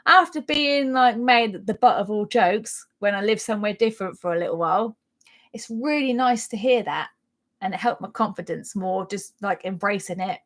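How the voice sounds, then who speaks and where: A chatty woman with a Norfolk accent, talking casually on a live stream. She rambles in a friendly, self-deprecating way and laughs between thoughts. Her pitch sits in an ordinary middle range. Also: normal speed, a bit bright. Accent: Norfolk English. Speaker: crochet channel host.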